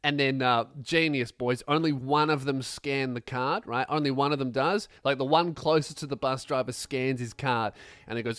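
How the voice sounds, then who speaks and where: A young man telling a comic story as a podcast host, animated and swearing, acting out other people's voices. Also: mid-range voice, normal speed, clean tone, no room sound, studio quality.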